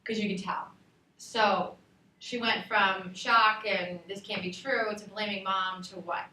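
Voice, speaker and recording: A woman teacher leading a classroom feedback discussion, animated and asking the class questions. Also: mid-range voice, measured pace. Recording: roomy classroom, from far off, faint noise.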